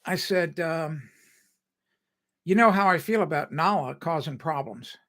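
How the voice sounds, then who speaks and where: An older man talks casually through a home improvement live stream, drifting between stories and correcting himself as he goes. His voice is bright and forward, sitting a little high for a man, and he laughs often. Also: measured pace. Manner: rambling, chatty, laughs often, self-correcting. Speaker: home improvement show host.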